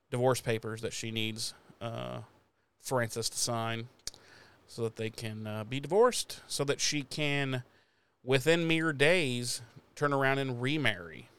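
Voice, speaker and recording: A man's voice: mid-range voice, slow pace, a bit bright, clean tone. A man co-hosting a podcast, recapping an episode in casual chat, laughing often and swearing while acting out the characters' lines. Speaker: podcast co-host.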